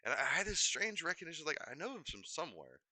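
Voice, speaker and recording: A young man streaming, rambling in animated casual chat full of fillers and restarts. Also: on the high side, fast talker, no room sound.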